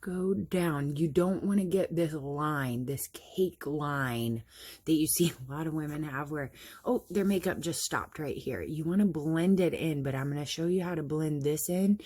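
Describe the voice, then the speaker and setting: Woman, husky voice, casual makeup tutorial, chatty, step-by-step explaining, self-deprecating. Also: low voice, moderate pace, dark tone. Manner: chatty, explains step by step while applying makeup, laughs at herself. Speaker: makeup vlogger.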